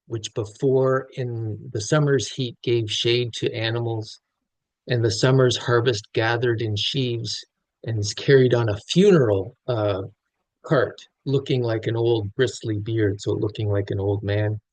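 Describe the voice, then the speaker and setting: A man's voice: medium pitch, measured pace, a little mellow, dry recording, poor audio. Dry-sounding man giving a literature lecture. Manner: thoughtful, many restarts and fillers. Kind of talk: close-reading lecture.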